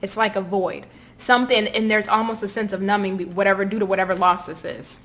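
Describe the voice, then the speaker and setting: Southern lady doing a chatty tarot reading, talks right to you, warm and encouraging. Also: medium pitch, steady tone, brisk, slight background noise. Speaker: tarot reader.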